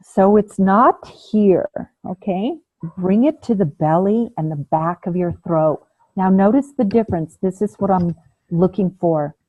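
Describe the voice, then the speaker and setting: A woman teaching a breathing class over a video call, calm and patient, demonstrating the breaths aloud. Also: on the low side, moderate pace, dry recording. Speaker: ayurveda and yoga teacher. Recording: phone-like, narrow band.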